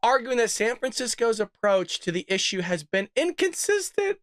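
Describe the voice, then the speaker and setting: A man's voice: very high voice, sing-song, normal speed, fairly bright tone, no echo, clean studio sound. Incredulous sarcastic male commentary host. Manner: talks straight to viewers. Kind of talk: reaction commentary on a news story.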